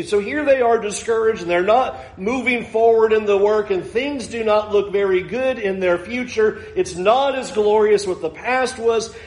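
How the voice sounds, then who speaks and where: A man preaching a sermon in an earnest, reflective way, sometimes chuckling softly as he explains scripture. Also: sits high. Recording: echoey room.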